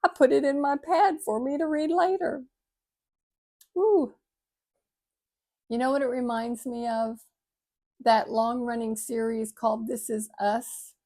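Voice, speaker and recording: An older woman with a soft lilt speaks in a gentle, heartfelt way, reading and reflecting on an inspirational piece for her viewers. Her voice sits high and light for a woman her age. She sounds sincere and unhurried. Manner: gentle, heartfelt, sometimes choked up. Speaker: vlogger.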